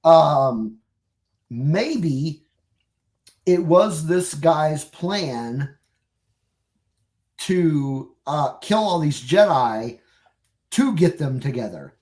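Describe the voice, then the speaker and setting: A podcast co-host chatting casually and speaking slowly at a middle pitch. The speech comes out hesitant, with frequent fillers and restarts. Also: animated, a little mellow. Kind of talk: casual chat.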